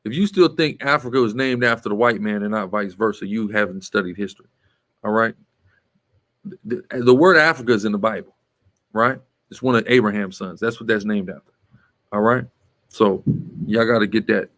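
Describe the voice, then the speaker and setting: A man leads a Bible class in a forceful, emphatic way. He scolds his students and keeps checking with a quick "right?". He breaks in to tell the reader to read on. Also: on the low side. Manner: emphatic, tags statements with "right?". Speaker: teacher leading a Bible class.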